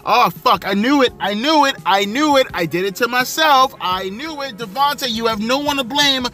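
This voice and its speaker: A man's voice: very high-pitched, expressive, normal speed, bright, forceful tone. A young man reviewing a wrestling show in an angry, sarcastic rant full of swearing. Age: young adult. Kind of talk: profane ranting show review.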